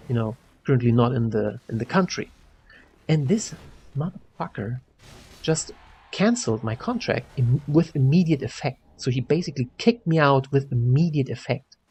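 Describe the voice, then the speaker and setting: A man's voice: mid-range voice, gravelly, darkish tone, breathy edge. A young man from Germany with a German accent, ranting angrily in a casual vlog, swearing and rambling with many fillers.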